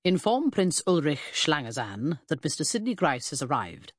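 A woman reading an audiobook puts on an arrogant Victorian gentleman detective who clips each word with icy precision. The voice sits low, commanding and scornful, recorded dry and close. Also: very animated, normal speed, breathy edge, no echo, full character voice. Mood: imperious. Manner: cutting, precise, imperious. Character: haughty, sharp-tongued Victorian male detective. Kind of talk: audiobook character voice.

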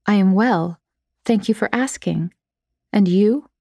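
A woman's voice: mid-range voice, takes it slowly, creaky, dark tone, slightly rough, no echo, clean studio sound, pitched above the performer's own voice, exaggerated voice. A woman voicing a prim, very polite young woman who speaks formally and precisely.

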